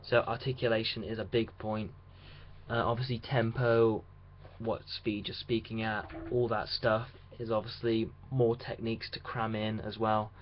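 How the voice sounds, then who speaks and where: A man's voice: lowish voice, level tone, a little slow. A young man talking through a casual video diary about his radio drama rehearsals, chatty and rambling with restarts. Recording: dull lo-fi sound with faint hiss.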